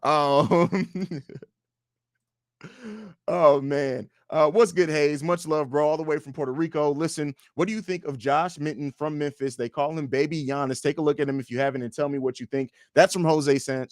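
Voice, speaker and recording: A young man hosting a casual livestream, reading viewer comments aloud and answering them in a blunt, profane, animated way. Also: fairly high pitch, normal speed, dry recording, studio quality. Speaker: livestream host.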